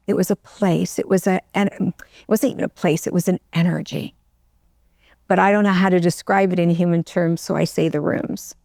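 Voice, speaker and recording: A middle-aged woman, an interview guest, telling her own story in a halting, emotional way, close to tears, with many restarts. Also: on the low side, vocal fry, mellow, no echo. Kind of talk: personal storytelling.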